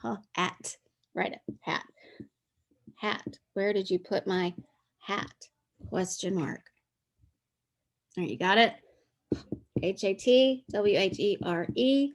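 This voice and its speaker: A woman's voice: medium pitch, takes it slowly, pauses often. A woman teacher leading young children through a dictation lesson, sounding out words and spelling them letter by letter.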